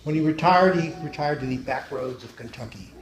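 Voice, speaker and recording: A middle-aged man tells stand-up jokes in a church hall, his voice a little on the high side. His delivery is deadpan, and he goes low and soft on the punchlines. The hall gives the sound a roomy echo with faint noise underneath. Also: a little fast. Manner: deadpan storytelling, drops low and quiet for punchlines. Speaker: stand-up comedian. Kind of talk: stand-up joke telling.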